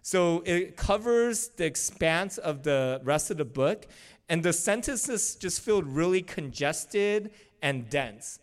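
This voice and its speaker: Male pastor, mid-high voice, smooth and clear, chatty sermon delivery. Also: animated, slow. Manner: casual, conversational preaching with frequent fillers. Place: church service.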